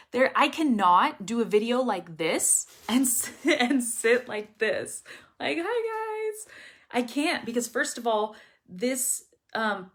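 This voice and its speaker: Bright, strong-voiced woman teaching English. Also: on the high side. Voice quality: strong, well-supported voice. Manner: energetic, emphatic, checks in with frequent "okay?". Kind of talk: casual online lesson.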